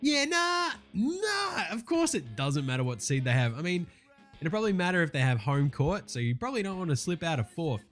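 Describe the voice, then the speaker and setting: Sweary excitable Australian podcast host. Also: male voice, mid-range voice. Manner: profane, excitable, laughing rants. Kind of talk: casual sports podcast chat.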